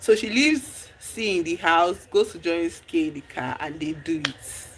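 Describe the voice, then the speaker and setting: A streamer, recapping a movie in casual chat, telling the story with lively exclamations and acting out the characters' lines. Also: medium pitch, unhurried, a little hiss or hum. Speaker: livestream host.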